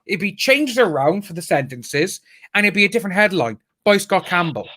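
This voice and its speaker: A British man chatting casually on a live stream, animated and laughing often, acting out what other people said. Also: sits high, moderate pace, dry recording, studio quality. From United Kingdom. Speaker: YouTube commentator co-hosting a live stream. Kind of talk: casual chat.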